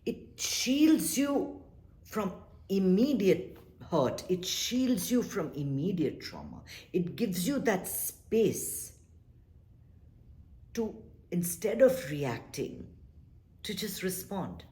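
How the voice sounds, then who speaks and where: A woman leading a meditation class, talking earnestly and coaxingly about staying calm, sometimes acting out short quoted exchanges. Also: lowish voice, takes it slowly. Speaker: meditation teacher.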